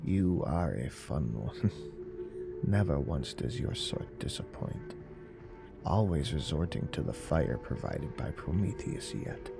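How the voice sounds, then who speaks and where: A man putting on a raspy, hissing sinister stranger. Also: rumbling low, lively intonation, exaggerated voice. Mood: menacing. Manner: slow, menacing, mocking. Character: sinister smooth male stranger with a raspy smoker's voice. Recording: narration over faint music.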